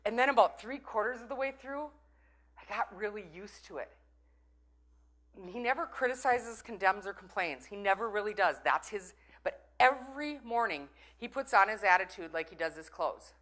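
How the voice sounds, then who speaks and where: Bright-voiced woman speaker. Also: mid-range voice, animated, moderate pace. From Minnesota. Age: middle-aged. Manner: chatty and playful, teasing the audience. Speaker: conference breakout speaker. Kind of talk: motivational talk to a live audience.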